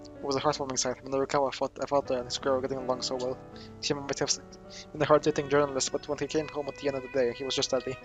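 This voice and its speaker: For a let's play, a man speeds through visual novel text in a flat, medium-pitched voice, handling all the characters with barely any vocal shift. He frequently stumbles and self-corrects, tossing in casual asides, with lo-fi sound over music.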